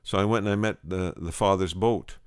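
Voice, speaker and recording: A man's voice: low voice, steady tone, brisk, clear, resonant tone, no room sound, clean studio sound. A male preacher telling a story in a sermon, earnest, restarting phrases and repeating words for emphasis.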